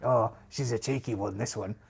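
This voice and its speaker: A man's voice: on the low side, moderate pace, gravelly, slightly rough, heavily acted. A man voicing a brash, roguish male pirate captain, cheeky and blustering, calling others darling.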